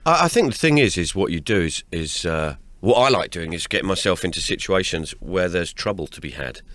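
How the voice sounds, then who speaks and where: Animated comedian telling stories. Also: male voice, sits low, fairly quick. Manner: lively, laughs mid-story, restarts words. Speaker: comedian guest. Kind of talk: animated anecdotal storytelling. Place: radio studio.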